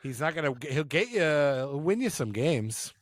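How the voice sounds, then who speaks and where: A man's voice: fairly high pitch, big pitch swings, normal speed, no echo. A man co-hosting a casual sports podcast, joking and rambling with restarts over a remote call. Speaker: podcast co-host. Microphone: remote call mic.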